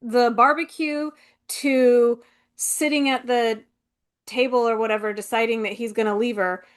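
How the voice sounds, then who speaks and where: A woman with a notably high voice co-hosts a relaxed podcast. She talks in a loose, rambling way, full of fillers, as she unpacks a book and its film adaptation. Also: a little slow, clean tone. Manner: rambling, filler-heavy, acts out characters' lines. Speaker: podcast co-host. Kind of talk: casual book-and-film review chat.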